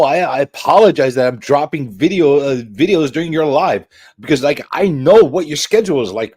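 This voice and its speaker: A man hosting a late-night livestream talk show, his pitch swinging widely as he jokes and teases. His voice sits in a middle register and he swears freely. He leans hard on emphatic, drawn-out asides. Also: husky. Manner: animated, joking, swears freely. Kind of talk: casual livestream chat.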